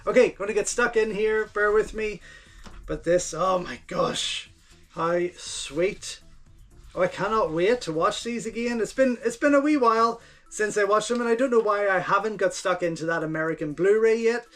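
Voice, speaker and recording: A man's voice: high-pitched, moderate pace, a bit bright, soft background music. A man, hosting his channel and gushing his way through a casual unboxing commentary, repeating his words of praise. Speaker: channel host reviewing home video releases.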